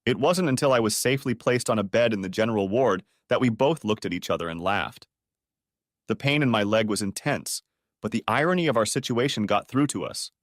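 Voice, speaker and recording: An older man narrating a first-person audiobook story in a steady, even way. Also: on the low side, fairly quick, dry recording, studio quality.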